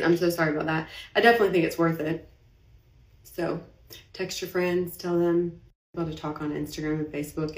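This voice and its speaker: A young woman talking on a late-night live video, rambling and confessional and holding back tears, saying she feels anxious. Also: on the low side. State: anxious, heart racing. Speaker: business owner livestreaming. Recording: roomy echo, somewhat far from the mic.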